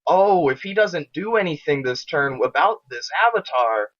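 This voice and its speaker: A young man casually commentating his own strategy game match, swearing often and getting excited as he talks to viewers. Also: fairly high pitch, moderate pace, few pauses, music in the background, low-quality recording.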